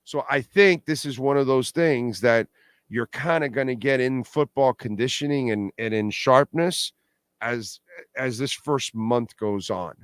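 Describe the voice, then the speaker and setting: A middle-aged man hosting a postgame sports talk livestream, animated and blunt, repeating points for emphasis. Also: medium pitch, measured pace, clear, resonant tone, no echo. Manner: blunt and salty, pleads with viewers. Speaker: sports talk show host.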